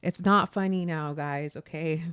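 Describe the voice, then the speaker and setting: A woman's voice: low voice, measured pace, clean tone, no echo. A woman in her thirties co-hosting a casual podcast, telling stories with lots of laughter. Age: 30s. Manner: laughs a lot, animated storytelling. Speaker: podcast co-host. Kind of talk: casual chat.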